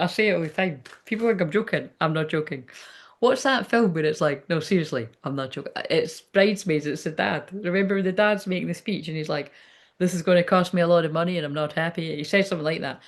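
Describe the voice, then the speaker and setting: A woman's voice: fairly low pitch, fast. A woman medium chatting casually during a live reading, rambling, laughing often and swearing freely. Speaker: psychic medium.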